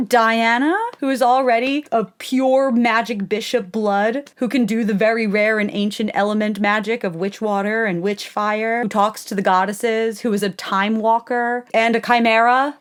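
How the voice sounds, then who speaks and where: A woman's voice: a little high, little pitch movement, moderate pace, hardly any pauses, clean tone. A young woman giving casual, sarcastic commentary as a video essayist. She sounds exasperated and says "like" a lot. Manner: sarcastic, exasperated, heavy use of "like".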